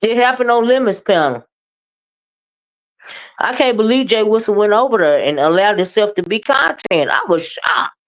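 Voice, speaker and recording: A woman hosting a casual live-stream gossip show, talking in a sassy, emphatic, drawn-out way. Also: medium pitch, expressive. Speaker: live-stream commentary host.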